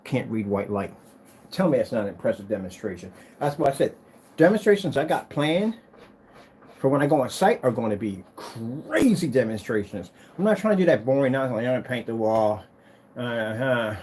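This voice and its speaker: A man showing off his business's screen paint in a casual vlog, talking in an excitable, rambling, hyped-up way. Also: medium pitch, normal speed, slight background noise. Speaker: screen paint business owner demonstrating products. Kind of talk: casual product demo vlog with storytelling.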